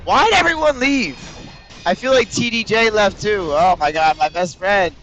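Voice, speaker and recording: Man, game streamer, fairly high voice, casual rambling chat, swears freely. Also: moderate pace, fairly bright tone, muffled recording, faint music behind. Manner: rambling, profane, talks straight to chat. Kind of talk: casual livestream chat with viewers.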